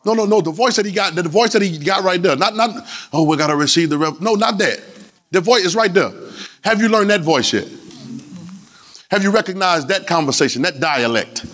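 A man's voice: high-pitched, fairly quick, fairly bright tone. A man with a Louisiana accent, preaching a sermon in a church with playful, rhythmic call-and-response. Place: church sanctuary.

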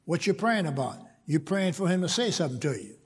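A man's voice: on the high side, very animated, a little fast, breathy edge, long reverb tail. A man preaching a sermon, repeating words and building to emphatic points. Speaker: pastor.

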